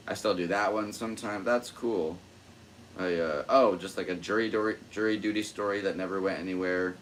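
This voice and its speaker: A man's voice: low voice, a bit bright, a little hiss or hum. Rambling, self-amused young man. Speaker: podcast host, stand-up comedian. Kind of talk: casual solo chat.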